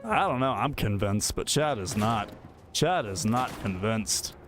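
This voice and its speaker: A man's voice: on the low side, lively intonation, unhurried, music in the background. A man streaming a game, chatting casually and joking with his viewers and an AI assistant. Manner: chatty, joking, talks to chat and an AI while playing. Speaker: gaming streamer. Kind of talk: casual livestream chat.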